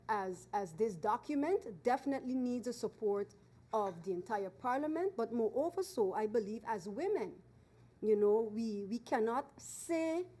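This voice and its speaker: A woman member of parliament, giving an earnest formal speech from a desk microphone in the chamber, slowing down and repeating phrases for emphasis. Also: on the high side, warm tone. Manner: earnest, emphatic, stresses key phrases slowly and repeats for force.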